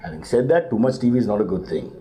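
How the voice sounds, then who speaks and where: A middle-aged man rattles off deadpan jokes at a brisk clip. His voice is dark and mellow, and he answers each question with mock exasperation. The feel is a live studio interview. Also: lowish voice. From India. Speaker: guest comedian. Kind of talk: joking live interview banter.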